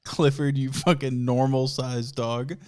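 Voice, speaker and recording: A man's voice: medium pitch, fairly even intonation, unhurried, a little mellow. A man hosting a podcast, telling rambling, profane comic stories and laughing often. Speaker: podcast host. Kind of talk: casual comedic storytelling.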